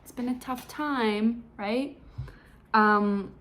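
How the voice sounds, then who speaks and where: An exasperated young woman scolds her friend in a raised, incredulous voice that jumps higher, as a woman acts her out. She is blunt and no-nonsense. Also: drawn-out words, a bit bright, a little hiss or hum.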